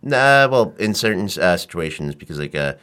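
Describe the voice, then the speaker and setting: Male co-host, very deep voice, halting, slight cold. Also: sing-song, a bit bright, smooth. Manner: halting, many fillers. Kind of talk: casual tech talk show chat.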